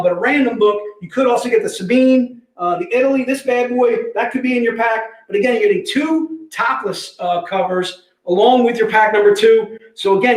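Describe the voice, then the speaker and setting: A man hosting a casual sales livestream, energetic and joking, constantly saying "all right". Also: sits high. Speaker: livestream host selling comic packs. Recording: echoey room.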